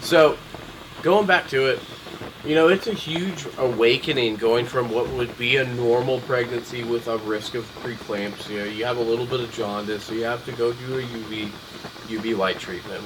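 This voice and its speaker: Rambling young dad with noisy hum. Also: male voice, medium pitch, moderate pace. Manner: rambling with many ums and restarts. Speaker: podcast host. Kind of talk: casual chat.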